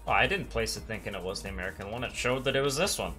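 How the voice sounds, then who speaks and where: Bright-voiced, joking male streamer. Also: fairly low pitch, expressive, very fast, soft background music. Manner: laid-back, joking. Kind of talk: casual game stream chat.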